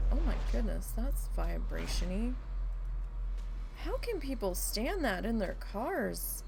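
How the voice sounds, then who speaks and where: A woman's voice: medium pitch, measured pace, vocal fry, background noise. A woman streamer chatting casually and telling a rambling story, acting out the lines she quotes. She sounds stuffy and is losing her voice from allergies. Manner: rambling storyteller, animated when quoting her dog. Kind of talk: casual chat during a live game stream.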